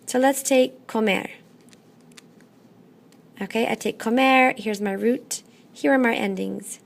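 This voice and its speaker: A woman teaching a classroom lesson, patient and methodical, often pausing to check in. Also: a little high, vocal fry. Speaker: Spanish teacher.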